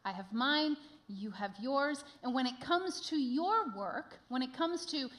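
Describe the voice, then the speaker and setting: A woman, a pastor, preaching in a calm, steady way. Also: high voice, unhurried. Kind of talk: sermon.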